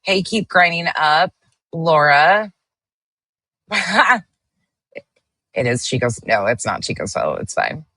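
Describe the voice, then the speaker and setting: Low-pitched, bright-voiced woman streamer. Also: animated, slow, pauses often, no echo. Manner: greets viewers by name while reading chat, blunt and sometimes swearing. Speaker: livestream host. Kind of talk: casual livestream chat.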